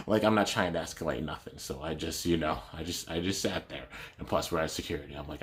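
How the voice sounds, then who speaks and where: A man's voice: deep voice, level tone, fast talker, hardly any pauses. A young man vlogging a casual storytime, rambling with lots of fillers and restarts. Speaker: YouTuber.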